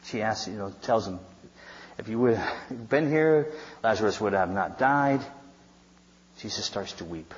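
A man's voice: on the low side, lively intonation, measured pace, pauses often. A male pastor preaching a sermon, retelling scripture in a conversational, storytelling way with wry asides. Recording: dull sound with long hall reverb.

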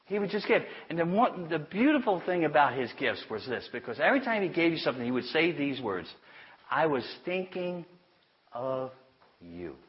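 Guy preaching a sermon story, chatty, laughs at himself, goes soft on the sweet parts, kinda muffled lo-fi sound. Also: a little high, sing-song, quick pace, hardly any pauses. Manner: chatty, self-amused, drops to a hush for tender lines. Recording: dull lo-fi sound.

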